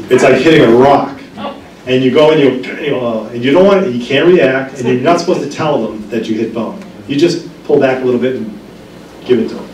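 A man's voice: medium pitch, darkish tone, recorded from a distance, slight background noise. Brief: man, 50s, pharmacist lecturing, anecdotal and chatty, echoey room, mic set back. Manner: chatty storyteller with frequent restarts and ums. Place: library meeting room.

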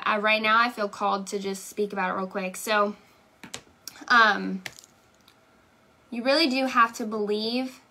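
Bright, upbeat woman giving a pep talk. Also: fairly high pitch. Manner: emphatic, repeats "okay?" and "right?". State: tearing up. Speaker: direct sales team leader. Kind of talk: motivational live stream talk.

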